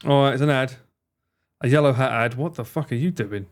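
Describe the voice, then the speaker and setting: A man's voice: mid-range voice, moderate pace, faint music behind. A man streaming live, reacting to ads with swearing, laughter and disbelief. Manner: swears a lot, laughs, incredulous.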